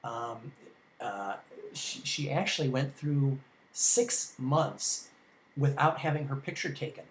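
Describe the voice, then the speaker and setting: A man's voice: mid-range voice, lively intonation, slow pace. Rambling man lecturing in an echoey room. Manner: rambling and conversational, with many ums and restarts. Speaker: film history instructor. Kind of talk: informal classroom lecture.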